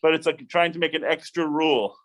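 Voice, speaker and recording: A fairly high-voiced man teaches a casual Bible study as a rabbi. He is animated and chatty. He restarts his sentences often and wanders into asides. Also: brisk.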